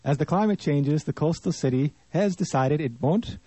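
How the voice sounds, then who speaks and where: A man co-hosting an easygoing news show, reading items plainly and laughing along with his partner. His voice is mellow and the sound is dry, with no room around it. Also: on the high side, animated, moderate pace, slightly rough, dry recording, poor audio. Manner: laughs often, reads stories in plain delivery. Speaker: co-host. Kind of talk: casual news chat.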